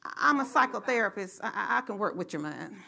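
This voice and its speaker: A woman pastor preaching a sermon to her church, getting excited and rising to shouts as she calls out to the congregation. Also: medium pitch, fast talker, vocal fry.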